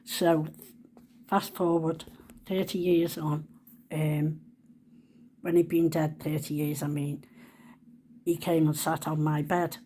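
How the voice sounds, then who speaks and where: A woman's voice: low-pitched, little pitch movement, takes it slowly, long pauses, warm tone, slight background noise. Chatty woman in her sixties. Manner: chatty, homely dialect. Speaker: storyteller. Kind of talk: casual personal storytelling.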